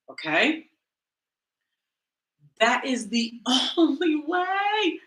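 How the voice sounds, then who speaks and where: A woman coach gives a lively motivational talk, speaking straight to her listeners in a loose, conversational way. Her voice is bright and forceful. The sound carries the echo of the room. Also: medium pitch, a little slow. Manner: animated, conversational, addresses audience directly. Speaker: women's coach and teacher.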